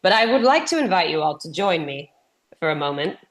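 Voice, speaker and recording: Her voice is low, very animated and fairly bright, and her pace is brisk. She's a comedian from Texas in her thirties, shaking off a sinus infection while giving a remotely presented keynote full of chatty, self-deprecating stories.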